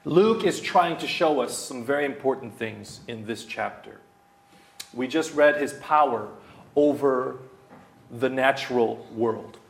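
A man's voice: medium pitch, gravelly. A man in his thirties preaching a verse-by-verse sermon, talking emphatically, repeating key phrases and dropping in plenty of fillers. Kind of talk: expository sermon. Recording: roomy hall echo.

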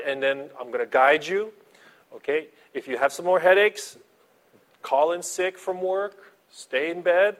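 A man preaching a sermon as a pastor, animated, swinging between soft asides and loud emphasis. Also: on the high side.

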